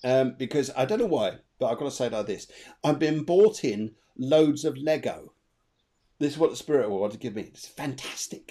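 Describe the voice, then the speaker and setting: A man's voice: medium pitch, warm tone. A man co-hosting a live online show, giving a chatty, rambling tarot reading and repeating his phrases. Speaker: tarot reader and co-host.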